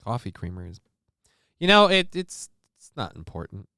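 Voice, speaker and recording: A man's voice: on the low side, wildly swooping pitch, moderate pace, vocal fry, bright, forceful tone, no echo, studio quality. A man hosting a casual livestream, joking loosely and with profanity while reading out viewer comments. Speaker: livestream show host.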